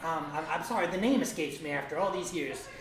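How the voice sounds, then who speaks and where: A man's voice: fairly high pitch, animated, fast talker, distant mic, a little hiss or hum. Man playing a jittery young noble, stuttering, roomy echo. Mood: flustered. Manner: stammering, flustered. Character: nervous young nobleman, stammering coward. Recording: echoey room.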